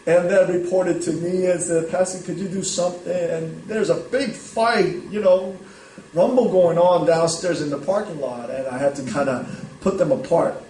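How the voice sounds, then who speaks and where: A man's voice: a little high, measured pace, mellow, a little hiss or hum. A male pastor preaching a sermon in a conversational storytelling way, often checking in with "right?". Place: church sanctuary. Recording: roomy hall, voice from a distance.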